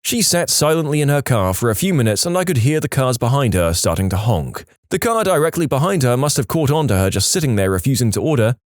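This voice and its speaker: A man reads reddit stories aloud, his pitch swinging through an animated delivery. He uses a lively, mocking storytelling manner. The recording is dry and close. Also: fast talker, few pauses, no echo. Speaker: narrator.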